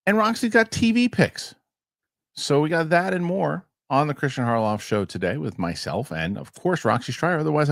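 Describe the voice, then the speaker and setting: A man's voice: medium pitch, creaky, no echo, studio quality. A man hosting a casual podcast chat, jokey and rambling. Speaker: host. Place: New York studio.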